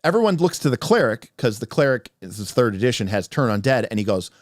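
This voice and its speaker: A man's voice: medium pitch, quick pace, dry recording. Guy rambling thru a game story on stream, medium voice, super dry close mic. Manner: animated, rambling with restarts. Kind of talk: livestream storytelling.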